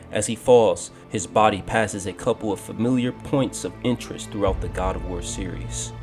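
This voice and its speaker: A man with a fairly low voice narrates a fan-made game story, describing each scene in a steady, measured way. Loud music plays under him throughout.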